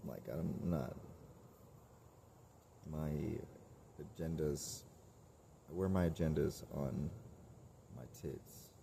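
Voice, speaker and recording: A man talking casually to camera in a candid, self-reflective monologue, rambling and halting with many restarts. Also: extremely low pitch, gravelly, warm tone, slight background noise. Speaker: vlogger.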